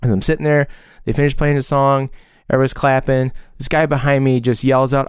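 A man in his forties tells a loose, rambling story in casual podcast chat, stopping and restarting as he goes. His voice is smooth and clear, recorded dry and close with no room sound. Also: medium pitch, level tone, brisk, few pauses, dry recording. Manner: rambling, chatty storytelling with frequent fillers.

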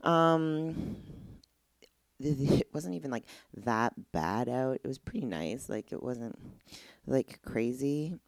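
Young woman host, low and dry, candid rambling chat, fed-up tone. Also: animated, takes it slowly, no room sound. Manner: candid, exasperated, rambling with lots of "like". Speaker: podcast host. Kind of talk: casual solo podcast chat.

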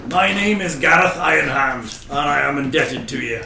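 A man's voice: a little high, lively intonation, moderate pace, vocal fry, bright, forceful tone, echoey room, distant mic, a little hiss or hum, voice pushed down, exaggerated voice. A man voicing a grateful captive male dwarf smith with a Scottish accent. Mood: earnest.

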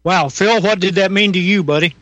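A man's voice: sits high, fairly quick, fairly bright tone, muffled recording, a little hiss or hum. A man from the American South hosting a radio talk show, chatting casually and rambling with many fillers. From Southern United States.

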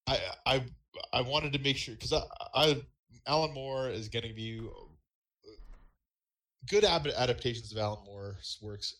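A man's voice: medium pitch, a little slow, long pauses, fairly bright tone. A man chatting on a podcast panel in a mid-range voice. He talks earnestly, often stumbling and repeating words as he works out his thoughts. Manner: earnest, hesitant, repeats himself while thinking. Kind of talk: casual chat.

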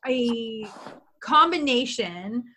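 A woman with a high, bright, sharp-edged voice hosts a relaxed podcast conversation. She talks candidly and with plenty of animation, laughing freely and dropping the odd swear word. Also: drawn-out words, slight background noise. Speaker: podcast host. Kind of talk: casual conversational interview.

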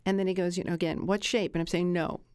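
A woman's voice: lowish voice, fairly even intonation, fast talker, darkish tone, clear, resonant tone, no room sound, clean studio sound. A woman researcher being interviewed, telling anecdotes and acting out quoted dialogue in a conversational way. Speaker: animal researcher guest.

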